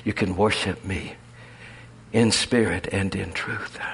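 A man preaching voices a wise, kindly lord of the ducks who speaks low and quietly. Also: fairly even intonation, slow pace, breathy edge, heavily acted. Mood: solemn. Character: wise, gentle lord of the ducks, calm and commanding.

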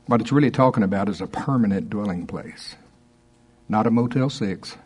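A man preaching a conversational sermon, laughing often and slowing down to stress scripture verses. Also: fairly low pitch, darkish tone, husky. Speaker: pastor.

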